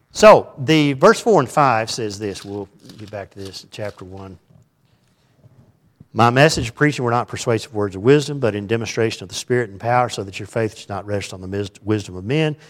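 A man's voice: on the low side, animated, normal speed. A middle-aged man preaching a conversational sermon in a folksy, rambling way, often putting questions to his listeners.

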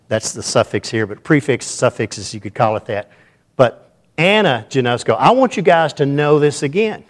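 An older man preaching a sermon, folksy and joking, with quick asides to the congregation. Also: medium pitch.

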